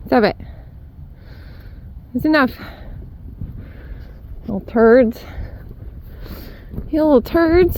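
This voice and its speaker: A woman's voice: sits high, takes it slowly, pauses often, mellow, slight background noise. A young woman vlogging at her barn, chatting and baby-talking to her horses and cat as she works. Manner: chatty, talks to the animals in baby-talk. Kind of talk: casual vlog chat with horses. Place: outdoor barn and paddocks.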